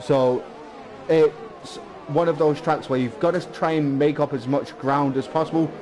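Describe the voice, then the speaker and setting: A man co-commentating a live esports race, measured and analytical, explaining tyre strategy and track details. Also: fairly high pitch, steady tone, darkish tone, a little hiss or hum.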